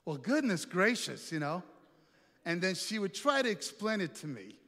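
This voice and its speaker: High-voiced preacher in a reverberant hall. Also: male voice, very animated, normal speed, pushed and bright. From Italy. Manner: storytelling, playful, asks the audience questions. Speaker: pastor. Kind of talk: sermon. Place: large hall with an audience.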